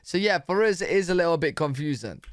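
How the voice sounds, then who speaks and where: A man's voice: on the high side, very animated, fast talker. A British man hosting a reaction video, chatting casually and filling his talk with "like" and "you know what I mean". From United Kingdom.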